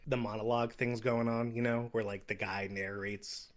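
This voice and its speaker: Podcast co-host, a man with a middle-pitched voice, relaxed and rambling, laughs while retelling scenes. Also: normal speed. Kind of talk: casual film review chat.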